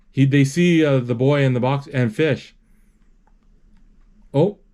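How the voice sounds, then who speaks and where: A man narrating a movie as he watches it, halting and correcting himself, with sudden excited exclamations. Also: medium pitch.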